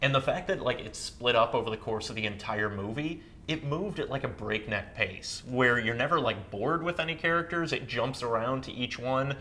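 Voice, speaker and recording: A man of middle pitch talks through a film on a casual podcast. His delivery is excitable, and he strings his points together with "like". A faint background hiss sits behind him. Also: normal speed, few pauses. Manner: excitable, fills speech with "like". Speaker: podcast co-host.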